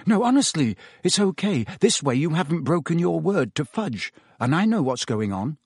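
A man's voice: fairly high pitch, sing-song, normal speed, a little mellow, slightly rough, no echo, clean studio sound, voice pushed up, full character voice. A man voicing an earnest teenage boy wizard who keeps insisting he is fine.

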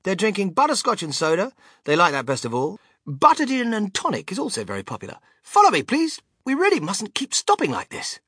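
A reader voicing an eccentric, excitable candy maker who talks in loud, high exclamations and brushes others off rudely. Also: fast talker, breathy edge, no echo, clean studio sound, heavily acted. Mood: chatty. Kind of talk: audiobook character voice.

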